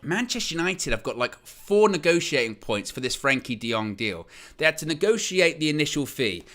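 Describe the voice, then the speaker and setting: Bright-voiced man ranting about football. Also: on the high side, very animated, fairly quick. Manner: impassioned ranting, repetitive emphasis. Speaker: football channel presenter. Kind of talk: opinionated football transfer talk.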